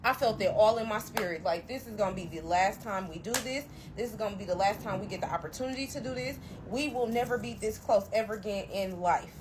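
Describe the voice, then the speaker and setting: A young woman telling a personal story to camera, animated and emphatic, talking straight to her listeners. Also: mid-range voice, fast, few pauses, background noise. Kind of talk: storytime narration.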